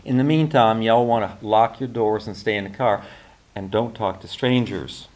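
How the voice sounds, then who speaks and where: Man reading as a twangy, raspy Southern operator woman. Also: normal speed, a little mellow, natural voice. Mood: brisk. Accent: American Southern. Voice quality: high twangy raspy smoker's voice.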